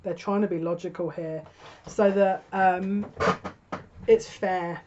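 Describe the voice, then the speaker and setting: A woman's voice: on the low side, fairly even intonation, slow pace, muffled recording, noisy background. A woman giving a tarot reading to camera, musing and thinking aloud with frequent restarts. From United Kingdom. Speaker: tarot reader.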